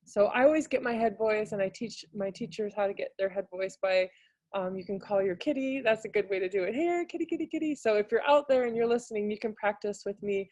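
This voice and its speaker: Woman presenter, mellow dry voice, casual and hesitant, on a video call. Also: a little fast, no room sound. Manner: casual and hesitant, many fillers, bursts into high singing demonstrations. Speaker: music teaching artist presenter. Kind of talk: webinar talk.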